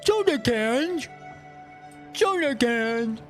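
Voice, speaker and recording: A man's voice: very high-pitched, expressive, soft background music, voice pushed up, exaggerated voice. A man voicing a simple, dim-witted male henchman who talks in a clumsy, childlike way. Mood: dopey. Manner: slow, clumsy, childlike speech.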